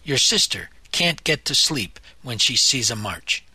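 A man's voice: mid-range voice, very animated, measured pace, pushed and bright, husky, dry recording, exaggerated voice. A man voicing a tired, unwell mother who pleads wearily with her children. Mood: weary. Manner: weary, pleading.

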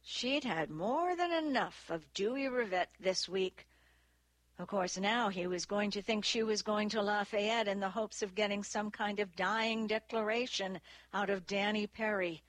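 A woman narrating a crime novel at an unhurried, deliberate pace. Her mid-range voice sounds dry and close, with no room echo. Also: medium pitch. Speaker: audiobook narrator. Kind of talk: scripted narration.

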